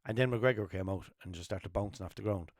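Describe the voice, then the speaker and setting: Rambling, swearing Irish podcast host. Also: male voice, on the low side, fast talker, no echo, clean studio sound. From Limerick, Ireland. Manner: rambling, swears a lot, jumps into animated quotes. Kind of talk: casual storytelling monologue.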